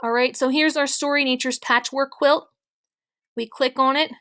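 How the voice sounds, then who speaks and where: Female grade-school teacher, crisp bright tone, slightly high, patient step-by-step explainer. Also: fairly even intonation, moderate pace. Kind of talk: recorded online mini-lesson.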